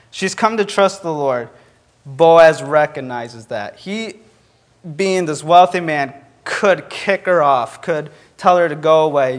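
Young male preacher, earnest conversational delivery, a touch high-pitched. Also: lively intonation, takes it slowly. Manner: earnest, conversational, frequent fillers. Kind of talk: sermon with a personal story.

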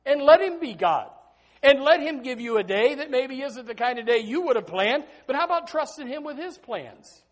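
A man preaching a sermon as pastor, animated and folksy, breaking into snatches of hymns. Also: extremely high pitch, moderate pace.

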